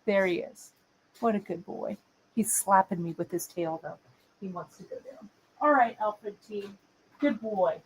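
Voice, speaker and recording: Slow, chatty woman in her fifties. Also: medium pitch, slightly rough, low-quality recording. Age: 50s. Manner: chatty, slow and meandering, talks to viewers and her cat. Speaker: host of a live beading show. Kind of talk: casual live-stream chat. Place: workshop bench, indoors.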